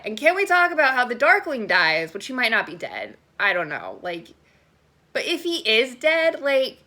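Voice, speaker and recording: A young woman rants about a book series in a loose, sarcastic vlog voice, with "like" scattered through every sentence. Her pitch swings all over the place and her tone is bright and forceful. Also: moderate pace. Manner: animated and sarcastic, heavy use of "like". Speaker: book vlogger. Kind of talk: casual ranting book review.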